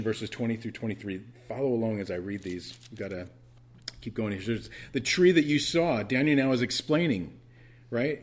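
A man preaching an earnest, tender sermon in a church as the pastor. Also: mid-range voice.

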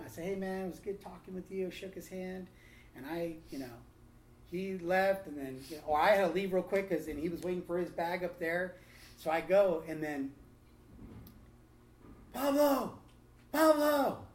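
A man telling a testimony and preaching to a small group, lively and acting out other people's lines. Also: high-pitched, a little fast. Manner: animated storytelling, acts out quotes. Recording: roomy echo, faint room noise.

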